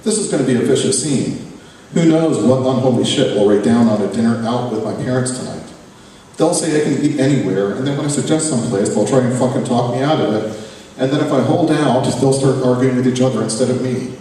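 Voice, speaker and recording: A man reads his own fiction aloud in a sardonic, profane first-person voice with a dark, mellow tone. He is caught from a distance in a big echoey hall, with a faint murmur of room ambience behind him. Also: mid-range voice, a little fast, slight background noise. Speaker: author reading his fiction. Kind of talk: live fiction reading. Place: reading event venue, hall.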